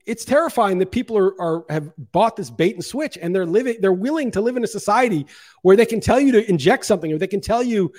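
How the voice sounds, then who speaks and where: Fast, high-voiced man ranting heatedly. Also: animated, a little mellow. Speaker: podcast co-host. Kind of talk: casual podcast chat.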